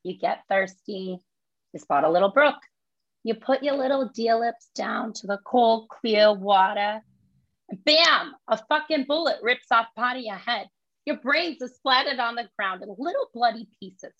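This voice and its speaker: A woman voicing a brash, fast-talking woman with a New York accent, delivering an emphatic rant. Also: on the high side, lively intonation, dry recording, lo-fi sound, lightly acted. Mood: indignant.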